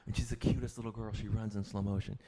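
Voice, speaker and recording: Low-voiced man telling a story, casually funny. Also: quick pace, a loud crowd. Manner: animated storyteller, deadpan asides. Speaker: podcast co-host. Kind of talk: casual comedic chat.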